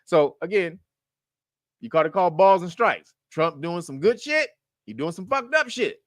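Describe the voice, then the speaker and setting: A man riffs through casual commentary in a blunt, profane way, laughing often and circling back through restarts. His voice sits high and swings widely in pitch as he goes. The sound is dry and close. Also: expressive, a little slow, no echo. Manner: rambling with frequent restarts. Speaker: commentary show host.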